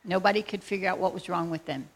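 A woman telling a faith testimony as a lively, excitable story. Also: fairly low pitch, fast. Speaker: speaker sharing a faith testimony.

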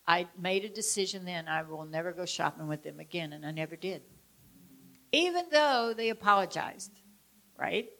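A woman teaching about traumatic memory, illustrating it with a personal story. She tells it expressively, shifting between loud emphasis and hushed moments. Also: fairly low pitch. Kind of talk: personal story within a lecture.

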